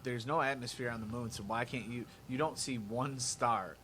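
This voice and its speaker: Blunt, emphatic male guest, mid-pitched, faint room hiss. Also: normal speed, fairly bright tone. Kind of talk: casual podcast chat.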